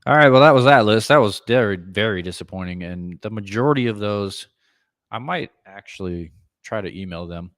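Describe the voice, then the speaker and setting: Opinionated podcast co-host, man, lower voice, dry close mic, casual. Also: expressive, brisk, fairly bright tone, no echo. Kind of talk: casual chat.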